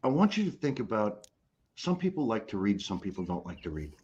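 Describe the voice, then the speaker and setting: A man's voice: fairly low pitch, very animated, a little fast, mellow, husky, lo-fi sound. A middle-aged man, a guest life coach, giving an emphatic motivational talk on a call, repeating key phrases for effect in a blunt, casual way.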